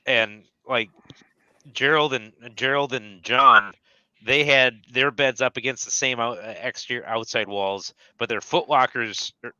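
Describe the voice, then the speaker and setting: A man with a bright, crisp voice, telling stories in wry, profane detail on a casual podcast. The sound is dry and a little dull, with no room echo. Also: medium pitch. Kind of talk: casual storytelling chat.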